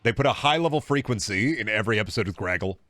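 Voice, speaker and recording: A man's voice: lowish voice, fast talker, dry recording. Profane, rambling young male streamer. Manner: rambling, profane, jokey, bursts of excitement. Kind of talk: casual gaming stream chat.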